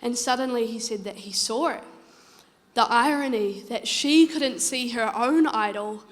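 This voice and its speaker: A woman preaching in a church, earnest and pleading as she tells her stories. Her voice sits fairly high, and a long hall reverb trails every line. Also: unhurried. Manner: earnest, urging, conversational storytelling. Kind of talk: sermon.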